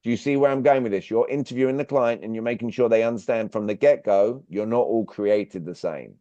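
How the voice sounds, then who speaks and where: A workshop speaker with a brisk, warm, mid-range voice conducts an online sales session, talking directly and grilling participants with questions. The video-call audio is dull and dry.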